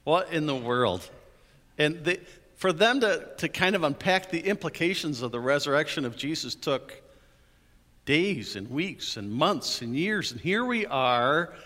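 Pastor, male, slightly raised voice, lively storytelling sermon, echo of a big church. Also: fairly high pitch, a little slow. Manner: animated storytelling with playful asides. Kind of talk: Easter sermon. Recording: hall reverb.

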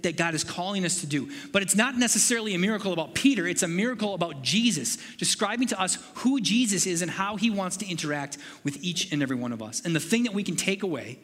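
Male pastor, sermon, high voice, earnest, long hall reverb. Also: a bit bright. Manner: earnest, building to urgent rhetorical questions.

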